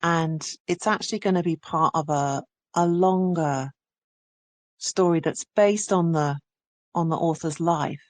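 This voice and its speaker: A woman's voice: low-pitched, measured pace, no echo. A woman audiobook narrator from England, talking enthusiastically in an interview. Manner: enthusiastic, restarts phrases. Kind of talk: conversational interview.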